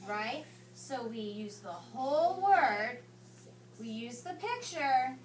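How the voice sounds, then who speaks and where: A woman teacher with a high voice patiently reads a picture book aloud to young children, coaching them through each word. She often hushes the kids to keep them quiet. The recording is roomy and distant, with soft background noise. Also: very animated, takes it slowly. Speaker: elementary school teacher. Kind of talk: reading a picture book aloud and modeling strategies. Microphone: camera some distance away. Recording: roomy classroom sound, distant mic.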